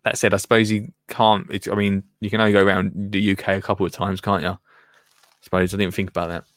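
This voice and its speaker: This English radio host speaks low and level at a quick clip, his tone a touch bright, with no echo in the room. Live on air, he reads out what listeners sent in, rambling casually, laughing often and letting sentences fade into mumbles.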